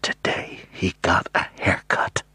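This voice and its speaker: A man's voice: takes it slowly, bright, forceful tone, dry recording. A man voicing a frightened, insistent small-town woman in an audiobook, in an urgent hissing whisper. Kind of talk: audiobook character voice.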